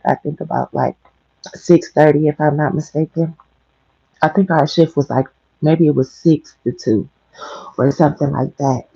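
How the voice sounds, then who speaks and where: A woman's voice: low voice, mellow, breathy edge, no echo, dull audio. A woman who has just woken up, telling a rambling story on a casual morning livestream from home and keeping her voice down. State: just woke up. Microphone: headphones with mic.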